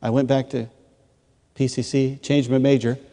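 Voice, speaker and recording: A middle-aged man from rural Michigan, a pastor telling his testimony in an animated way and acting out the voices of the people in it. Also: mid-range voice, moderate pace. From rural Michigan, USA. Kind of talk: testimony sermon. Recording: long reverb of a large hall.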